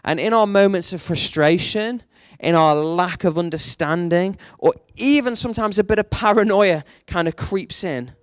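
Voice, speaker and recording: A male preacher giving a sermon in a fairly high voice, telling the story with lots of animation. He drops low and quiet, then pushes out strong lines, and the sound is close and dry. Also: moderate pace, few pauses, smooth, no echo. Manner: animated storytelling, swings between hushed and emphatic.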